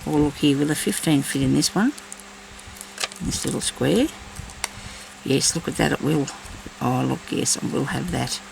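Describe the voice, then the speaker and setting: A woman's voice: low voice, moderate pace, gravelly, background noise. A woman chatting casually while she crafts, thinking aloud and talking to herself as she works. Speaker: crafting vlogger.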